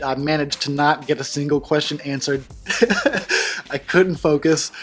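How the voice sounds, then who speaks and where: A man hosting his own video channel, chatting casually in a loose, profane, self-mocking way. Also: fairly high pitch. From United States. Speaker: horror channel host. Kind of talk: casual vlog chat.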